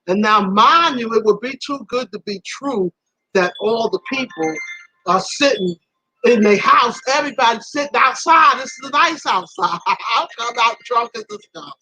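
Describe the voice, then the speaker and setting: A woman hosting a live stream tells a story to her viewers in a lively, casual way. She laughs often, and her voice jumps up high at the embarrassing parts. Her tone is bright and forceful, and the recording is close and dry. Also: moderate pace, husky, no echo, rough recording. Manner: animated, laughing, swoops high when embarrassed.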